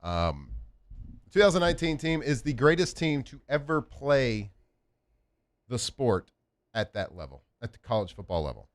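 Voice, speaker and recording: A man's voice: medium pitch, moderate pace, long pauses, no room sound. A man hosting a sports radio show, talking casually and animatedly with lots of fillers, in a studio. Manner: animated, rambling with many fillers.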